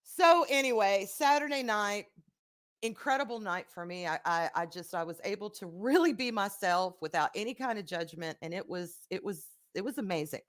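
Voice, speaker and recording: A woman hosting a casual live stream, candid and rambling, swearing freely and swinging between soft and loud as she answers viewers. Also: medium pitch, expressive, moderate pace. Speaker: livestream host.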